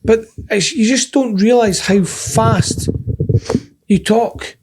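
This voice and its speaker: High-voiced, jokey Scottish man. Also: slow pace, background noise. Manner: jokey, laughs often, chatty storytelling. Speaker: podcast co-host. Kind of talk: casual banter.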